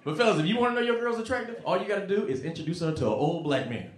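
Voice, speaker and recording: A man performing a stand-up comedy set, animated and slipping into character voices. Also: high-pitched, very fast, slight background noise. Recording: roomy club with laughing crowd.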